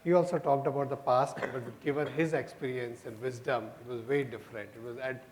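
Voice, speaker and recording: A man's voice: medium pitch, fairly even intonation, a little fast. A man, moderating a conference and giving hesitant closing remarks with fillers. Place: conference hall. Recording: echoey hall with crowd noise.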